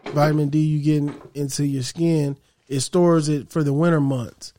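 A young man talking in a casual group chat, animated and rambling, with slangy speech. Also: on the high side, normal speed, a little hiss or hum.

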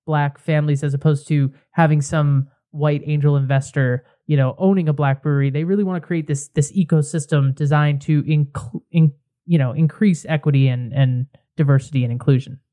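A man co-hosting a podcast in casual chat, rambling and excitable, with frequent restarts. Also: a little high, a little fast. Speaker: podcast co-host.

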